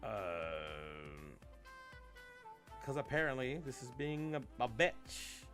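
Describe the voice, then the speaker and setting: A man hosting a casual live-streamed podcast, telling a story in an animated, rambling way and swearing freely. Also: medium pitch, slow, soft background music. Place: home streaming setup. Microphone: desk mic while streaming live.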